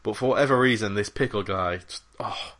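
A man with a lowish, fairly bright voice talks fairly quickly while co-hosting a gaming podcast. It's an eager, rambling, casual conversation with plenty of filler words and swearing.

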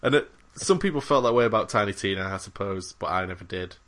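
A man's voice: lowish voice, animated, quick pace, a bit bright. A man co-hosting a gaming podcast in a casual, rambling, enthusiastic chat with plenty of fillers and swearing. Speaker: podcast co-host.

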